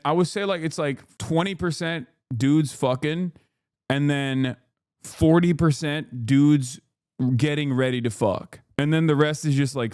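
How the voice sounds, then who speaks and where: A man hosting a live stream, ranting and joking in a profane, animated, casual way. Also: on the high side, dry recording, studio quality. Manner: joking, sarcastic. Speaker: livestream host. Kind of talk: casual livestream commentary.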